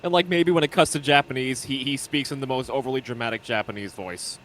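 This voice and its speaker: A man's voice: mid-range voice, fast talker, a bit bright, slight background noise. A man in casual voice chat, explaining a joke idea in a rambling way and tripping over his words. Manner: rambling, stumbles while explaining ideas.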